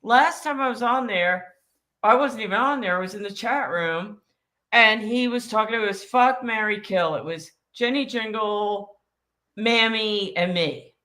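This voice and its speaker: A woman's voice: medium pitch, a little slow. A woman co-hosting a casual podcast, ranting bluntly and swearing freely. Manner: blunt, profane, animated ranting. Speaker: co-host.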